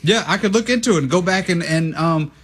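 A young man co-hosting sports radio, talking in a rambling, animated way with many fillers and restarts. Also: fairly high pitch, fairly quick, slightly rough. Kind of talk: casual sports talk.

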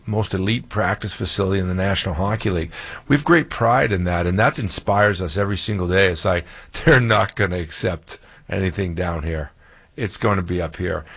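A man's voice: lowish voice, gravelly, a bit bright, husky. A man speaking as a hockey team's general manager at a press conference, telling a story in an enthusiastic, rambling way.

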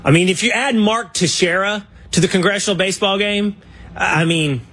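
A man hosting a political interview, telling stories in an animated, opinionated way. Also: high voice, normal speed, slight background noise. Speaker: show host.

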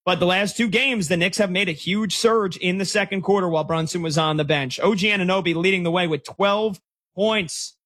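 A man hosting a sports talk show, excitedly reacting to a live game and reading listener texts. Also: high-pitched. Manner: excitable, rapid, breaks into shouts. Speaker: sports radio host.

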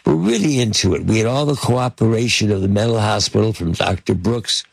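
Gravelly older man telling stories. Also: lowish voice, expressive, brisk, dry recording. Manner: rambling, with many fillers, restarts and acted-out quotes. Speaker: interview guest, film producer. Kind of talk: casual anecdotal storytelling.

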